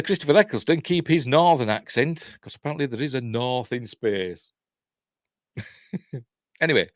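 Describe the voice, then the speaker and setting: A man's voice: fairly low pitch, dry recording, studio quality. A man with a Yorkshire accent hosting a live news stream, chatting in a rambling way, laughing often and reading out viewer comments. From Yorkshire, England.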